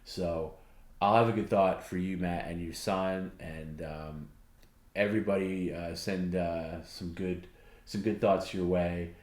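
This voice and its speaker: A man's voice: deep voice, fairly even intonation, measured pace, darkish tone, roomy sound. A man co-hosting a casual livestream, reading viewer comments aloud in a loose, rambling way. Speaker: stream co-host.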